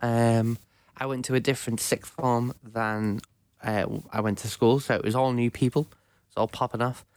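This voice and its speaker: A man's voice: mid-range voice, fairly even intonation, normal speed, no echo. A man in his twenties, a podcast co-host, chatting in a laid-back, wry way. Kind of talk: casual chat.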